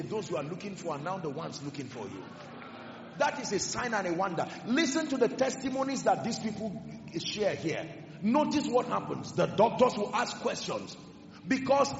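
Male preacher, impassioned sermon, high animated voice, slightly dull recording. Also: vocal fry. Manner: impassioned, swinging from loud declarations to hushed emphasis. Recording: echoey hall with music behind, dull sound. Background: music.

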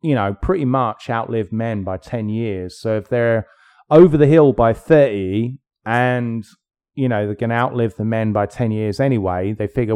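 A man's voice: on the low side, moderate pace, a little mellow, smooth. A middle-aged man co-hosting a podcast, talking in an opinionated, rambling way with many fillers. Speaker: podcast co-host. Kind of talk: casual chat.

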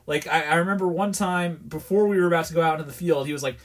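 A man's voice: on the high side, quick pace. A man from New York, hosting a podcast and telling a rambling, exasperated story in a candid, casual way. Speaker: podcast host.

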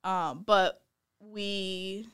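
A young woman telling a story in a casual, animated way, laughing often and acting out what people said. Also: mid-range voice, very slow, clear, resonant tone.

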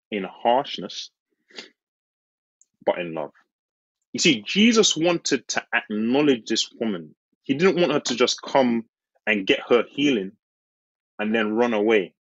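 Husky-voiced man preaching a sermon. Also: a bit bright, dry recording, dull audio. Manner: earnest, slows on key phrases, laughs and jumps high acting out the disciples.

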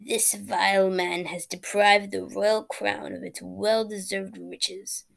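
A woman voicing a slimy, snakelike male royal debt collector in a nasal, slow whisper, as whispered role-play in a spoken storybook. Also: mid-range voice, level tone, vocal fry. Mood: groveling.

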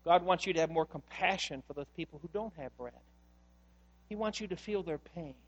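A man's voice: on the high side, a little fast, husky. A male pastor preaching a sermon in a church, speaking earnestly and putting questions straight to the congregation.

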